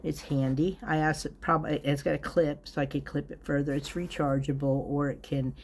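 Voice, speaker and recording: A woman's voice: low voice, flat delivery, moderate pace, slight background noise. A woman vlogging from home, giving a chatty, rambling product review, often breaking off mid-sentence and chuckling.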